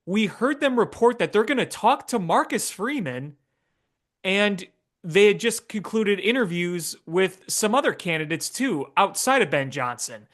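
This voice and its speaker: A man's voice: high voice, lively intonation, measured pace, a bit bright. A man co-hosting a sports talk podcast, rambling casually with stammering restarts.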